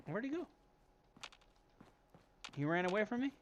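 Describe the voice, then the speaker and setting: With a high voice that swings widely in pitch, a young man talks a little slowly over his game stream, rambling and cursing casually and muttering to himself. The sound is lo-fi, with background noise.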